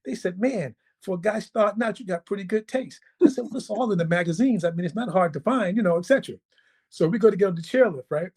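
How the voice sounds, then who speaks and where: A man telling a personal story as a podcast guest, animated, acting out the quotes and checking in with the listener. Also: sits high, fast talker, breathy edge. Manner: animated, acts out quotes, checks in with "right?" and "okay?". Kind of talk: casual storytelling.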